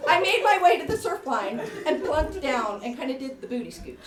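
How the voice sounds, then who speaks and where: Woman doing a live comic story onstage, kinda high voice, audience noise behind her. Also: a little fast, far from the mic. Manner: wry, animated, self-mocking. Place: theater stage before a laughing audience. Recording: roomy live theater recording with audience noise.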